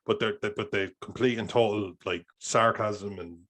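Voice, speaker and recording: A man co-hosting a podcast, chatting casually and joking in a quick, rambling way. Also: fairly low pitch, fairly even intonation, fairly bright tone. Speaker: podcast co-host. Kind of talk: casual chat.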